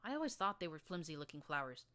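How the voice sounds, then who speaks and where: A woman's voice: sits low, sing-song, fast talker, fairly bright tone. A woman narrating first-person action fiction in a vivid, dramatic storytelling manner. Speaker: audiobook narrator.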